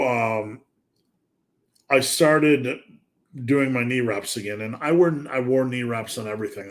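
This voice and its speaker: A man hosting a live fitness Q&A stream, chatting casually and asking himself rhetorical questions. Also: medium pitch.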